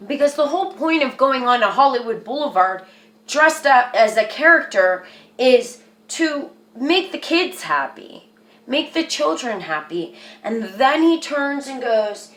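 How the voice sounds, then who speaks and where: A woman's voice: on the high side, expressive, slow pace, a bit bright. A woman telling a personal story to camera in a rambling, earnest way, with lots of "like.". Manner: rambling, earnest, says "like" a lot. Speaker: vlogger. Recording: echoey room.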